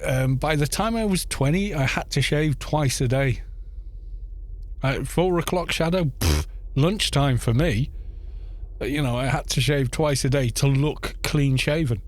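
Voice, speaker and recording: A man's voice: mid-range voice, animated, unhurried. Chatty middle-aged Welsh man. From Wales. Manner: chatty, jokey, answers chat with stumbles and laughs. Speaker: gaming streamer. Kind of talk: casual chat while streaming a game.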